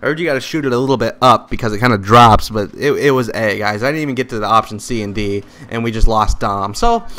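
Bright, clear-voiced young male gamer. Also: fairly low pitch, fast talker, few pauses. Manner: excitable, trash-talking, swings from loud outbursts to muttering. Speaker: gaming YouTuber. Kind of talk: live gameplay commentary.

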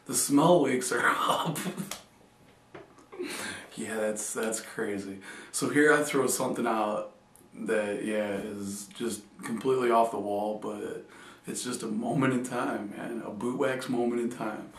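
A man's voice: lowish voice, fairly even intonation, a little slow. Brief: a laid-back male vlogger joking to camera, heard from the mic at a distance in a roomy space. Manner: loose, joking storytelling. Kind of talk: casual joking chat to camera. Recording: echoey room, distant mic.

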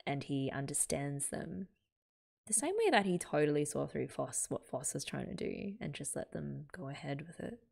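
A woman's voice: low-pitched, expressive, moderate pace, gravelly, darkish tone. An Australian woman hosting a manga reaction, casually thinking aloud and correcting herself as she goes. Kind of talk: casual reading and reaction commentary.

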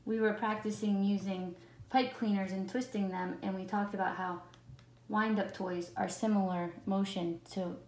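A woman teacher reading a picture book aloud to children in a classroom, talking slowly and expressively and stopping to ask the kids questions. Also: medium pitch. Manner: slow, expressive, chats with the listening kids. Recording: roomy echo.

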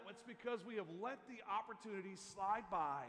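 A man with a high voice preaches a sermon, casual and halting, restarting his sentences and dropping in asides. His voice carries the long echo of a church sanctuary. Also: fairly bright tone. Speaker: pastor.

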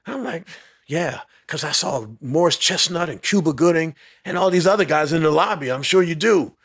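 A man telling a lively story as a podcast guest, laughing often and acting out what others said. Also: a little high, normal speed, breathy edge. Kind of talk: storytelling interview.

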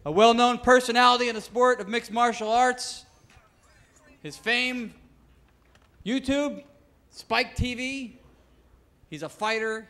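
A man hosting a comedy roast on stage, joking as he introduces a guest and asks him questions into a handheld mic. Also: high voice. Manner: joking emcee, building to a loud introduction. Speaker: roast host. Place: comedy club stage with live audience.

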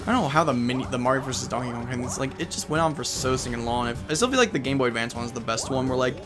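A man's voice: mid-range voice, expressive, very fast, music in the background. A man casually commenting on a party video game, rambling and joking, often breaking into silly voices. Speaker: let's play gamer.

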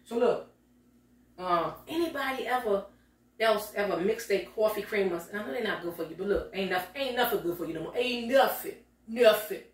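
A woman's voice: medium pitch, moderate pace. A middle-aged woman vlogging from her home kitchen, chatting in a folksy way and talking straight to her viewers. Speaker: lifestyle vlogger. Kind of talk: casual chat to viewers. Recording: echoey room, voice from a distance.

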